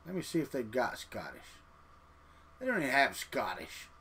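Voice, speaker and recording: A man's voice: mid-range voice, huge pitch swings, normal speed, bright, forceful tone, a little hiss or hum. A man hosting a casual live stream, chatting and muttering to himself as he clicks through settings. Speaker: livestream host.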